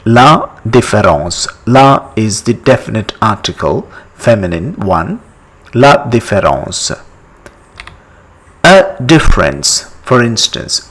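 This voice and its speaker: A man with an Indian English accent talks through a language lesson at a very slow, unhurried pace. His pitch rises and falls a lot as he lingers on each word. He spells words out letter by letter and says each pronunciation over and over. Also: fairly bright tone, husky. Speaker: language teacher.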